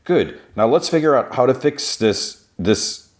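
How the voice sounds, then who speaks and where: A man doing a deadpan security android. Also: medium pitch, unhurried, pitched above the performer's own voice, close to an everyday voice.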